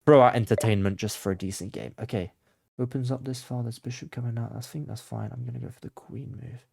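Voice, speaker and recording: Gravelly and fast, a man's mid-range voice mutters chess moves in a dry recording. He's a chess content creator thinking aloud during blindfold play, swinging between quiet focus and flustered panic.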